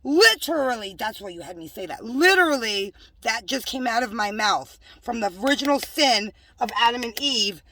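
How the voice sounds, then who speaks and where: A woman's voice: a little high, lively intonation, no room sound, recorded from a distance. Rambling woman, whispers then scolds. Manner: swings from soft whispers to loud scolding; reads definitions aloud slowly. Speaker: self-styled prophet vlogger. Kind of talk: rambling religious monologue.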